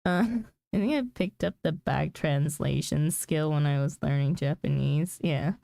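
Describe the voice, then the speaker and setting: A woman's voice: deep voice, measured pace, gravelly, dark tone, no echo. A woman streamer chatting casually with her viewers, laughing often and talking with lots of "like" fillers. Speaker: streamer reading chat. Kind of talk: casual chat.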